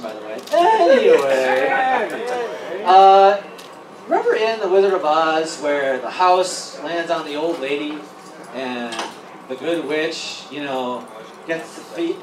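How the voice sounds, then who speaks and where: A stand-up comedian doing a set, rambling and profane, often breaking into laughter. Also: mid-range voice. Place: event hall at a convention. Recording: roomy, distant, with noisy ambience.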